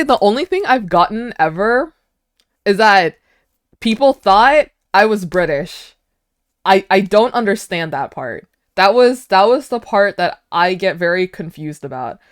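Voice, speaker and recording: A young woman with an American accent and Vietnamese as her first language chats casually with viewers as a streamer, answering their chat. She is giggly and uses plenty of filler words. Her medium-pitched voice comes through in clean studio sound with no room sound.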